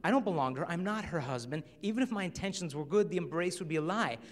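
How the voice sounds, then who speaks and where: A man's voice: on the high side, quick pace. A young man giving a live talk to a young audience as a chastity speaker, telling stories with animation and acting out the voices of the people in them. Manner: animated storyteller who acts out voices. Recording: reverberant hall.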